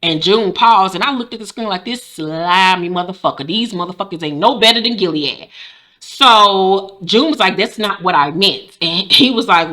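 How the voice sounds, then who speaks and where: A woman recaps a TV episode in casual, sassy chatter. Her voice is bright, and her talk is full of profanity and asides. She jumps into the characters' lines with quick put-on voices. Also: medium pitch, lively intonation. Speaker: show recap host.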